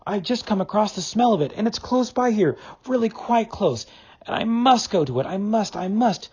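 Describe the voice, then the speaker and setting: A man's voice: high voice, animated, unhurried, breathy edge, full character voice. A man voicing a small, anxious, homesick male mole who pleads urgently for his friend to come back. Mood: pleading.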